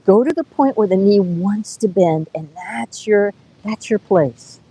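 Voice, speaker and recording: A woman over fifty teaching a live yoga class outdoors on a beach, giving gentle, coaxing cues and counting breaths. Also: mid-range voice, expressive, unhurried, slightly rough, rough recording.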